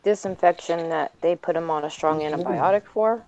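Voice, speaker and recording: A woman's voice: lowish voice, brisk, warm tone, dry recording. A woman giving plain, matter-of-fact updates in casual chat on a stream. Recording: muffled lo-fi stream audio.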